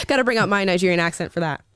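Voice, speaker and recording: A woman's voice: on the low side, rapid-fire, a bit bright, clean tone, no room sound, studio quality. A woman hosting a casual livestream, reading viewer comments aloud with sarcastic asides and frequent laughter. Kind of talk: casual live chat.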